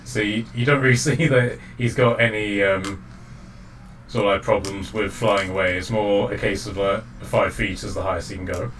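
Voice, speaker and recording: A man's voice: fairly low pitch, steady tone, normal speed, a bit bright. A man narrating as dungeon master, chatty and loose, with many fillers and laughs. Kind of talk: narrating a tabletop game. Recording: distant mic with faint background noise.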